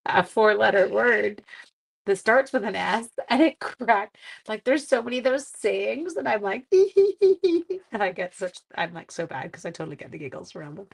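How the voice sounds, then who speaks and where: A woman's voice: medium pitch, gravelly, slightly rough. Woman from Canada, stuffy-nosed craft host, chatty and giggly with rambling asides, live demo. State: congested. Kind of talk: live card-making demo and chat.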